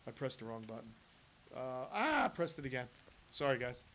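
A man's voice: medium pitch, sing-song, moderate pace, a bit bright, slight background noise. A middle-aged man from the United States hosting a live stream, chatting loosely with viewers and rambling through their questions with lots of fillers and restarts. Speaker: host of a reptile channel.

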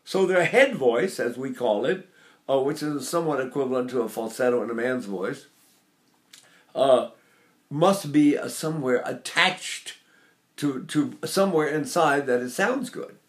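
An older man teaching singing, talking in an animated, digressive way and breaking into sung vocal demonstrations. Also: medium pitch, measured pace. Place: Seattle area.

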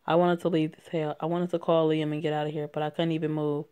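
Low-voiced young woman reading a story. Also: level tone, quick pace, mellow, smooth. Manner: laughs and swears while reading, stumbles and corrects herself. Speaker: story reader. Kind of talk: casual reading of a written story.

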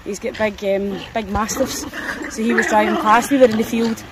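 A woman's voice: a little high, fairly even intonation, normal speed, very noisy. A Scottish woman chatting casually while walking dogs outdoors, often breaking off to talk to the dogs. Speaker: dog walker vlogger. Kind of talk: casual vlog chat. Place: outdoors on a country path.

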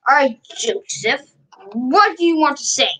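Casual woman streamer, higher voice with a lot of swing, rambling to herself on stream. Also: expressive, a little slow, sharp tone, poor audio. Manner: talks to herself while working the screen, repeats questions. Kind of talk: casual live-stream chatter.

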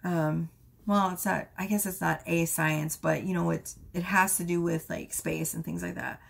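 A woman giving a casual tarot reading, rambling with many fillers and asides, her voice going hoarse. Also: lowish voice, fairly even intonation, moderate pace. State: losing her voice. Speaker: tarot reader.

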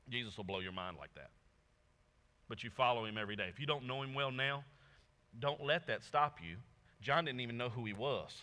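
Bright-voiced pastor preaching in a hall. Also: male voice, medium pitch. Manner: conversational preaching, acts out voices of biblical figures with slang. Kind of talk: sermon. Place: church hall with audience. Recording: long hall reverb.

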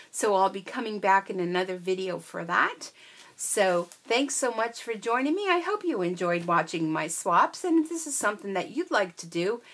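A woman's voice: medium pitch, fairly bright tone. A woman craft vlogger chatting casually and gushing with delight as she shows handmade cards, with frequent ums. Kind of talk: casual show-and-tell.

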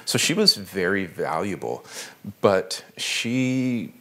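A man's voice: low-pitched, sing-song, slow pace, bright, forceful tone. A man, an author, giving a conversational talk at a library, telling stories animatedly with fillers.

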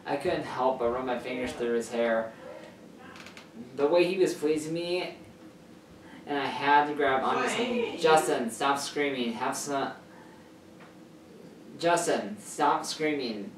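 A man's voice: medium pitch, normal speed, long pauses, slight background noise. A man casually reading a fan story aloud in a rambling way, often stumbling and correcting himself, sitting far from his camera's mic. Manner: rambling, filler-heavy, self-correcting. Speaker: channel host reading a story. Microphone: camera mic far from speaker. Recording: echoey room, far from mic.

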